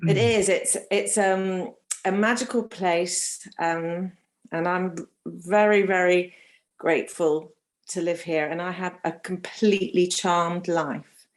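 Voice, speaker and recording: Slow, emotional London caller, a woman. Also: on the low side, fairly even intonation. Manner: emotional, hesitant, many restarts. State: close to tears. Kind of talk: phone-in call.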